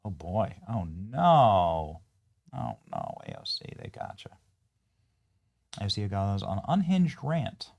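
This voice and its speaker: A man hosting a political show, reacting to clips with sarcastic, scornful commentary that jumps from loud jeers to low mutters. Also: very animated, slow pace, creaky.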